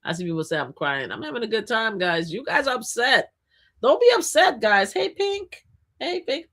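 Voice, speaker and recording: A woman's voice: a little high, moderate pace. Emphatic woman streamer talking politics. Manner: animated, emphatic, addressing viewers directly. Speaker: livestream host. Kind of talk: opinionated political commentary to viewers.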